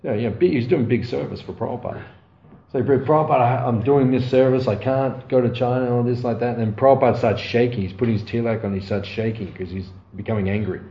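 A man giving a storytelling sermon, laughing often and tagging lines with quick asides to his listeners. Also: mid-range voice, steady tone, dark tone. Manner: anecdotal, laughing often, frequent "right?" asides. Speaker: spiritual teacher. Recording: dull, roomy recording with faint ambient noise.

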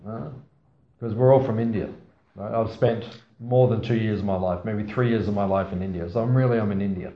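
A man's voice: on the low side, steady tone, a little fast. A man giving a scripture class to a small audience. He tells stories, asks the audience questions, and makes playful asides. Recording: roomy, slightly dull sound.

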